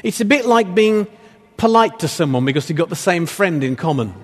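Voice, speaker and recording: In a church hall with long reverb, a man delivers a sermon conversationally and playfully, tossing asides and jokes to the congregation. His voice is high and expressive, and he speaks a little fast.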